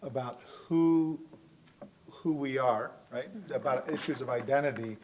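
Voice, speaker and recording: A man moderating a university panel, asking a question in a halting, hesitant way. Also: mid-range voice, highs cut off, background noise. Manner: hesitant, halting, self-interrupting.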